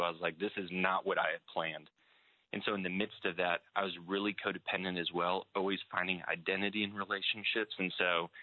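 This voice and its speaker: A deep-voiced young man tells his faith testimony with open candor, slipping into the voices of past conversations. The sound is thin and phone-like, with no room around it. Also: no echo. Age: young adult. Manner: candid, acts out past dialogue. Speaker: person sharing a faith testimony. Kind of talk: personal testimony storytelling. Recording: tinny phone-like dry sound.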